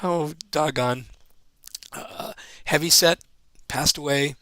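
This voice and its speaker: High-voiced joking Hawaiian man, dry sound. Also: slow pace, bright, forceful tone, dry recording. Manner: loose, joking, full of "you know" and laughs. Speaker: stand-up comedian guest. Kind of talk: casual storytelling chat.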